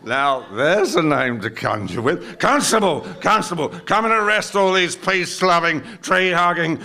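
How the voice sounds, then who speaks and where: A man's voice: on the high side, animated, unhurried, creaky, exaggerated voice. An older man with an Australian accent playing a belligerent, drunk male larrikin in his seventies, heckling crudely in a performance poem. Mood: aggressive. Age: 70s. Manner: slurred, abusive, shouty heckling. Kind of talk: performance poetry monologue.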